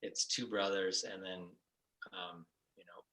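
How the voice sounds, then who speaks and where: A man, a band member guest, talking in a relaxed, rambling way, thinking aloud. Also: low-pitched, a little slow, low-quality recording. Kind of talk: casual interview talk.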